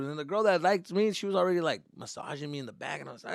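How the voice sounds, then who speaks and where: A young man doing stand-up, telling a story in animated, profane bursts with Spanish slang mixed in. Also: on the high side, racing, vocal fry, no echo, clean studio sound. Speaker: stand-up comedian. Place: comedy stage.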